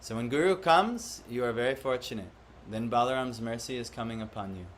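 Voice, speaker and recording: A man's voice: mid-range voice, brisk, slight background noise. Man teaching a devotional class. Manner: questions the audience, acts out quoted voices. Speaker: spiritual teacher. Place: room with a live audience.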